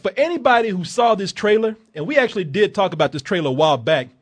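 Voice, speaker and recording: A man chats through a film review in a lively, swooping voice. His tone is a little husky and his pitch sits high. He laughs often and acts out lines from the film. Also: quick pace. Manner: animated, profane, laughs a lot, acts out lines. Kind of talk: casual chat.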